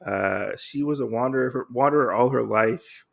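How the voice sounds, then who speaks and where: A man voicing a weary male rhino bounty hunter, quiet and reflective, close to his own voice. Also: medium pitch, normal speed, vocal fry. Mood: solemn.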